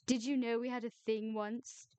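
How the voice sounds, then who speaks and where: A nosy, tactless gossip who gushes and pries, her voice pitched up high and emphatic, as a woman reader puts her on. The tone stays smooth and clear, close and dry, like a storybook reading. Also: flat delivery, normal speed, dark tone, no room sound, close to an everyday voice. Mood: prying. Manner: prying, gushing, high and emphatic.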